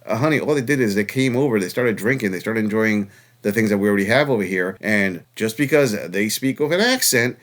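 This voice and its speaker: A man's voice: lowish voice, expressive, a little fast. A man hosting reaction commentary, sarcastic and mocking in a lecturing tone. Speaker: channel host reacting to clips.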